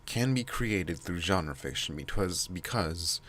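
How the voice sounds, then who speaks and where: A man with a nasal, stuffy voice and heavy breathing, rambling casually to his channel with many pauses and restarts. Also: deep voice, animated, fairly bright tone, a little hiss or hum. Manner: halting, many fillers and restarts. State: stuffy from allergies. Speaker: channel host.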